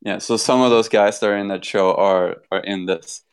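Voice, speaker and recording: Smooth-voiced Swedish man, chatty. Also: lowish voice, moderate pace. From Sweden. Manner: relaxed storytelling. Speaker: tabletop wargamer. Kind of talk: casual chat.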